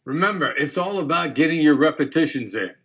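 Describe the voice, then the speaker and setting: A man giving a calm, measured instructional talk on negotiation, demonstrating his tones of voice as he explains. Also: fairly high pitch, husky.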